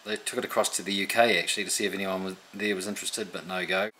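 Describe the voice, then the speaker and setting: A man's voice: low voice, fast talker, slight background noise. A male illustrator chatting casually as he walks through his sketches and book ideas. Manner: relaxed, chatty, explanatory. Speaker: illustrator presenting his work. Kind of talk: casual tutorial talk.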